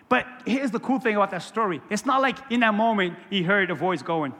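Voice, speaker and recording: A man's voice: high-pitched, fast, few pauses, sharp tone, big-room sound, slight background noise. A male pastor preaching a sermon in a church, conversational and playful with jokey asides. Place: church sanctuary.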